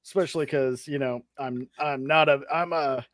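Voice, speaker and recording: Podcast guest, man, mid-pitched, relaxed and joking, dry close-mic sound. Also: normal speed, dry recording. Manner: easygoing, joking, laughs often. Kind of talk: casual podcast chat.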